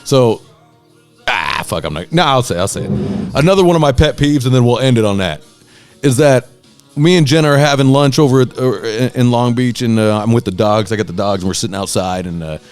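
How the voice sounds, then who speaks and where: A man hosts a podcast in a loose, comic rant, swearing freely and laughing as he goes. He acts out the voices of people in his stories. His pitch sits right in the middle for a man, and faint music plays underneath. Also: lively intonation, fairly quick. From Southern California. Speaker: podcast host. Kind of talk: casual comedic rant.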